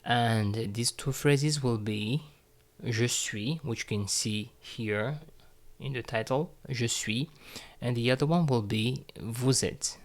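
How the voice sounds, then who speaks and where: A man teaching French phrases, speaking slowly and deliberately and repeating each phrase for learners. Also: medium pitch. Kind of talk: slow, careful language lesson.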